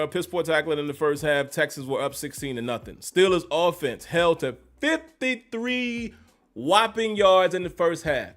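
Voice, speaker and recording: A man hosting a live-streamed football recap, animated and emphatic, repeating phrases to drive his points home. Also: fairly high pitch. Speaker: sports commentary host.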